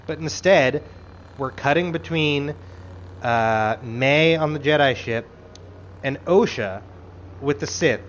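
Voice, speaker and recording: This show reviewer's voice is a little high, and he talks slowly with long pauses, though his casual recap still bursts into animated, profane, exasperated rants with acted-out quotes. The rough recording has a little hiss or hum.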